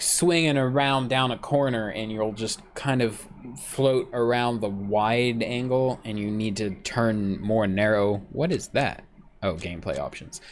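A man streaming a game, rambling chattily about it and now and then jumping into squeaky joke voices. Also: a little hiss or hum. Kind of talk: casual gameplay commentary.

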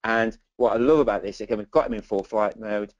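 A man's voice: lowish voice, fairly quick, no echo, dull audio. Chatty, enthusiastic male dog photographer. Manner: chatty, enthusiastic, many "okay"s and "literally"s. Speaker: dog photographer teaching a webinar. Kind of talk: presenting slides in a webinar.

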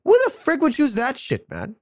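A man giving casual, joking, excitable commentary while playing a video game. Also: very high voice, moderate pace, a little hiss or hum. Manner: excitable, joking, swearing reactions. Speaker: let's play gamer.

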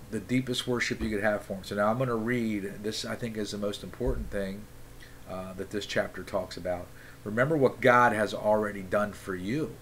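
A man reading a devotional book aloud and adding informal commentary. He is earnest, often checks in with "okay?", and breaks off into fired-up tangents followed by quick apologies. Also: on the low side, a bit bright, a little hiss or hum. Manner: frequent "okay?" check-ins to listeners. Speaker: devotional reader and lay preacher.

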